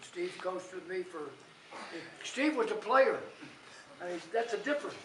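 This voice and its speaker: A man's voice: sits high, expressive, measured pace, a bit bright. Older man, retiring coach, blunt chuckling storyteller, distant echoey recording with noise. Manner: blunt, chuckling, rambling anecdotes. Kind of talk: casual storytelling at a gathering. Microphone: far from the mic. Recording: echoey, distant, noisy hall.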